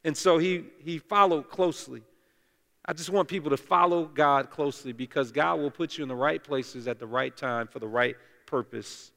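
A fairly high-voiced male pastor preaches a chatty sermon, breaking in with jokes and speaking directly to the people in front of him. His voice hangs in the long echo of a church sanctuary. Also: normal speed, creaky, sharp tone. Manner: chatty and joking, talks directly to the congregation. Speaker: lead pastor. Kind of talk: conversational sermon. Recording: long echoey church reverb.

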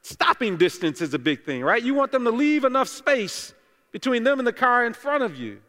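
A man's voice: very high voice, very animated, normal speed, sharp tone. A man preaching as the lead pastor in a church, speaking in a loose, conversational way, joking and talking straight to the congregation. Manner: chatty and joking, talks directly to the congregation. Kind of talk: conversational sermon. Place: church sanctuary. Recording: long echoey church reverb.

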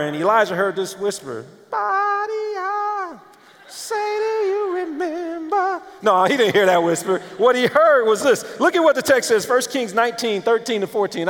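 A man preaching a sermon as pastor, dramatic, swinging between loud emphasis and hushed near-whispers, in a church auditorium. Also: high voice. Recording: long hall reverb.

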